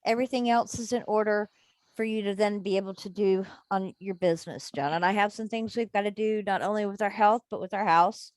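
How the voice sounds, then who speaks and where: A woman speaks reflectively on a casual group video call, pausing often to gather her thoughts. Her voice sits in a middle register. The recording is dry with no room echo. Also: medium pitch. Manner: reflective, hesitant with many fillers. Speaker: member of an online business group.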